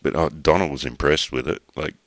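A man's voice: rumbling low, steady tone, a little fast, no echo. An Australian man, a middle-aged podcast host, tells a rambling personal story in casual chat, restarting his sentences and swearing offhandedly.

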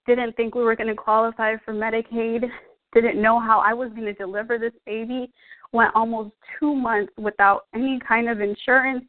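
A young woman sharing her personal story as a fitness coach, earnest and emotional, full of "like" and "um". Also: fairly high pitch. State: out of breath. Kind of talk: personal testimonial. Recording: tinny phone-like audio.

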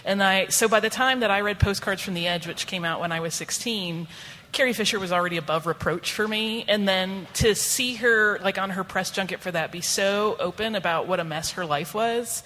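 Woman in her 40s, bright tense tone, earnest panel talk, echoing convention hall. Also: mid-range voice, moderate pace, slight background noise. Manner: earnest, reflective storytelling. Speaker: podcast host, panelist. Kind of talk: panel discussion. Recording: long hall reverb, faint ambience.

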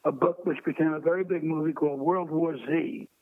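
An older man tells stories over a tinny, dry phone line. His voice sits a bit high, and he bounces between lively anecdotes and quick acted-out voices. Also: dry recording. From Brooklyn, New York. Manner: lively raconteur, acts out quoted voices, chuckles through stories. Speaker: guest. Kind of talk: anecdotal storytelling.

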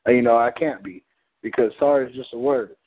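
On a community call with phone-like audio, a man with a mid-range voice talks a little fast. He tells a story casually but in a blunt, heated, and profane manner.

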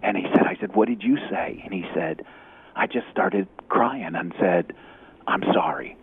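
A man, an executive recruiter, telling a faith story in an animated way, acting out the dialogue and dropping to a whisper at times. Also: deep voice, normal speed, breathy edge. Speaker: executive recruiter, guest speaker. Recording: tinny phone-like radio audio.

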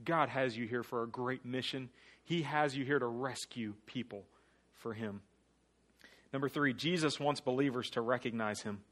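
A man preaching a guest sermon to a congregation, shifting between hushed earnest appeals and loud rallying calls, with playful jokey asides. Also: medium pitch. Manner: swings from hushed earnest pleading to loud rallying call-and-response.

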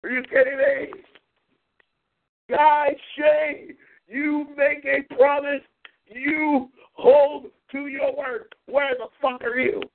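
A high-pitched man hosting a rough-edged talk show, taunting rivals with profanity. He speaks slowly and carries a gravelly fry. His voice comes through thin and tinny, as over a phone line. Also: little pitch movement. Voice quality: profane, taunting, repeats catchphrases.

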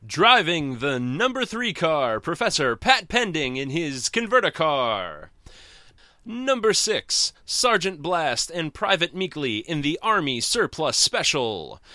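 A booming cartoon race announcer barks out the lineup in a high, showy roll call, as a man puts him on. The tone is bright and forceful. The sound is close and dry. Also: very animated, slow, no room sound, heavily acted. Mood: announcing.

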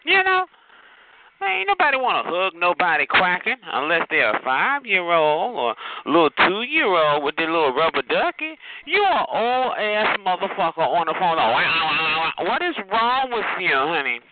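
A man's voice: sits high, big pitch swings. Sassy man roasting on a phone line. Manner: campy, drawn-out taunts calling the listener child and honey. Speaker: host of a phone chat line show. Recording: tinny phone line with hiss.

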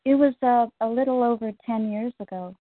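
A woman's voice: a little high, dry recording. Hesitant young woman on a phone line. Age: young adult. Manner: soft-spoken and hesitant, pausing often with fillers. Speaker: guest. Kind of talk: interview on a conference call. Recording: dry, tinny phone line.

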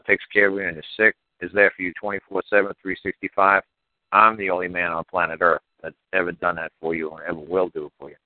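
A low-voiced man rattles along quickly, blunt and profane, leaning on "you know". His voice is dry and tinny, like a phone line. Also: no room sound. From New York. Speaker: podcast guest. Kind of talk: casual storytelling.

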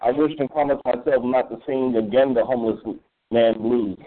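A man reciting spoken word poetry in a measured, earnest way. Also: medium pitch, fairly even intonation. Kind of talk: performance poetry. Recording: tinny phone line.

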